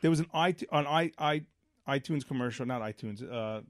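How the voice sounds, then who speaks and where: Recorded at studio quality with no room sound, this middle-aged man co-hosts a casual podcast conversation in a mid-range voice at a moderate pace. His storytelling is lively, full of rambling restarts and performed movie lines.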